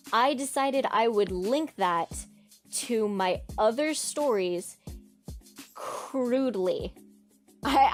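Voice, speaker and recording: A woman's voice: medium pitch, darkish tone. A woman in her twenties recounting her old character's story in a casual vlog, sarcastic and rambling with lots of "like".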